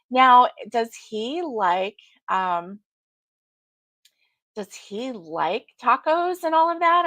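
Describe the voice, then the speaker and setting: A woman hosts a relaxed live stream, chatting with her viewers, calling them by name and laughing often. Her voice sits a bit high, and the sound is dry and close, with no room echo. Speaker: livestream host. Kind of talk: casual live chat with viewers.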